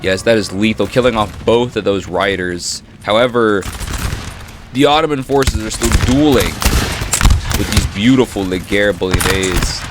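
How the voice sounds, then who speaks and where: A man giving casual, excitable commentary over a strategy game battle, reacting with frequent exclamations. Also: on the low side, measured pace. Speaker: gaming commentator. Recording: noisy with battle sounds behind. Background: gunfire and battle noise from the game.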